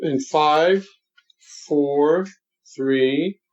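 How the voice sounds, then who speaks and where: A man in his seventies, a voice coach, talking in a deliberate and emphatic instructive way during an interview. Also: fairly high pitch, darkish tone. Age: 70s. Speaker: voice coach guest. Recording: dull lo-fi sound.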